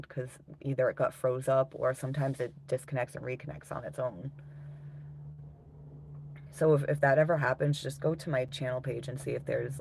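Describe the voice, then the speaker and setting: A woman's voice: rumbling low, creaky, darkish tone, slight background noise. A woman casually chatting with viewers on a livestream, rambling loosely and swearing often while reading out comments.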